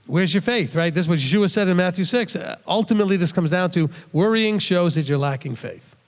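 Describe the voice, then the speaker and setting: A middle-aged Bible teacher with a fairly high voice teaches scripture earnestly and conversationally, sounding expressive and fairly quick. He's plain-spoken, often restarting or repeating a word while he works out his thought. A long reverb rings through his voice, as though he were recorded in a hall.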